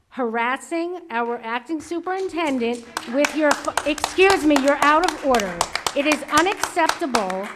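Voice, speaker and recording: A woman's voice: sits high, slight background noise. A woman chairing a school board meeting, speaking firmly and reprovingly. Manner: firm and reproving. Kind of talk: public meeting address. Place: public board meeting room.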